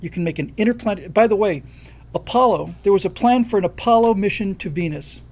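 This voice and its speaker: Sitting high and darkish in tone, this older U.S. man's voice is animated and a little fast as he hosts a livestream. He's casually opinionated, blunt and emphatic, and reads out and thanks viewers for their donations.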